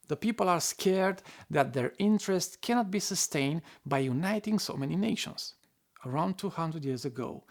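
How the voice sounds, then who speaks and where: Gravelly man narrating an essay. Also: a little high. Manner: reflective, occasional wry asides.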